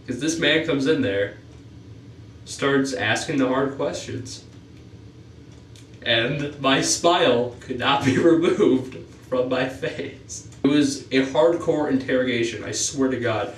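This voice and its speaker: A man's voice: slow pace, roomy sound, recorded from a distance, slight background noise. A teenage boy telling a story to the camera in a casual, rambling way, filling every gap with "you know", his nose a little stuffy. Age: teens. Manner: jumps up in pitch on excited parts. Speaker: vlogger.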